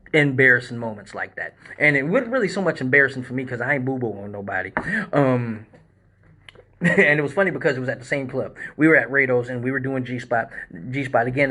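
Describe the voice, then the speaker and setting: A man hosting a live stream, telling crude funny stories from his dancing work in a profane, animated way. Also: mid-range voice. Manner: profane, animated storyteller who acts out the other people in his stories. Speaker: live show host and male exotic dancer. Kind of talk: casual storytelling on a live stream.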